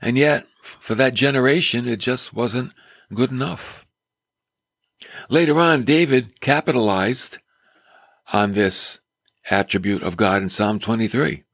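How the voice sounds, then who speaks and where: A man's voice: mid-range voice, unhurried, long pauses, fairly bright tone, dry recording. A male preacher delivering a sermon in an emphatic storytelling manner. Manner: emphatic, storytelling with acted quotes.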